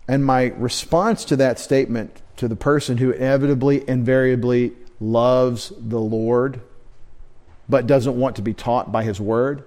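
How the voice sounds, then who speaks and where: A man's voice: medium pitch, a little mellow. Earnest man preaching a sermon. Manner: earnest, emphatic preaching with slow stressed words. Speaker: pastor. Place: church service.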